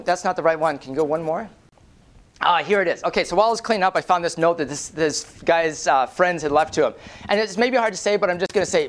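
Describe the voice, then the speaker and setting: A man giving a lively storytelling presentation at a conference, animated and profane, often tagging lines with "right?". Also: high-pitched. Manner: acts out quoted voices. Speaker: conference speaker.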